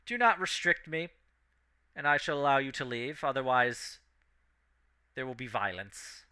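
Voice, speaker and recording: A man voicing an ancient male elder brain speaking telepathically, calm, formal and threatening. He has a bright, clear voice. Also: mid-range voice, a little slow. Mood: coldly threatening.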